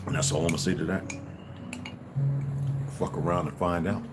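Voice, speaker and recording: A man's voice: low-pitched, flat delivery, moderate pace, loud music behind the voice. Profane rambling man in his fifties. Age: 50s. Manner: profane, blunt, stream-of-consciousness; repeats filler words, restarts. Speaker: livestreamer. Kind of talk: rambling livestream monologue.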